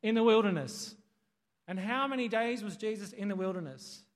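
A man's voice: high voice, expressive, moderate pace. Man, pastor, sermon, conversational questions, long church reverb. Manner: conversational, asks the congregation questions. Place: church hall.

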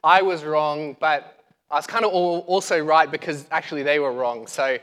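Higher-voiced male preacher, chatty and joking, on a lapel mic in a reverberant hall. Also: fairly even intonation, normal speed, a bit bright. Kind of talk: casual sermon. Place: church hall.

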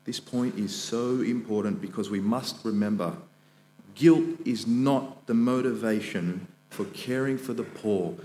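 A young man, a student minister, preaching a sermon in earnest, rising high and loud when he quotes scripture. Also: a little slow. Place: church. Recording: echoey church hall with mains hum.

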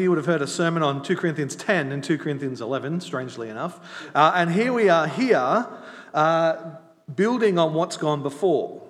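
A middle-aged man preaching a conversational sermon at an evening church service, chatty, with emphatic bursts and slowed-down points. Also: fairly high pitch. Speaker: visiting preacher. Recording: echoey church with long reverb.

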